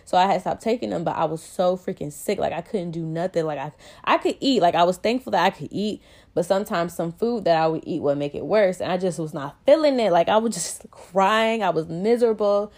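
A woman's voice: on the low side, a little fast, darkish tone. A young pregnant woman vlogging to her viewers in a casual, rambling way, often out of breath and full of "like" and "you know".

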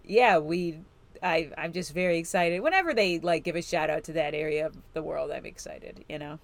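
A woman's voice: low voice, moderate pace. A woman from Illinois co-hosting a podcast, recapping a TV episode in casual chat, rambling and giggly with lots of fillers. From Illinois, USA. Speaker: podcast co-host.

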